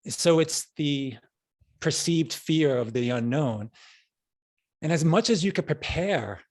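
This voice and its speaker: Slow yet animated, a middle-aged New Yorker with a slightly high voice is a chatty guest on a podcast. In this casual interview he rambles like a storyteller, keeps circling back, and frequently restarts his sentences.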